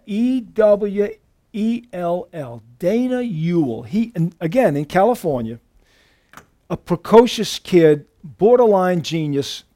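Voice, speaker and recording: A man's voice: sits high, warm tone, dry recording, clean studio sound. A male pastor preaching a sermon, telling stories in a folksy, emphatic way.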